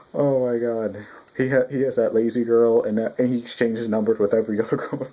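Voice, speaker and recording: A man giving a casual spoken manga review, rambling and excitable, with frequent restarts and swearing. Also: mid-range voice, normal speed, lo-fi sound.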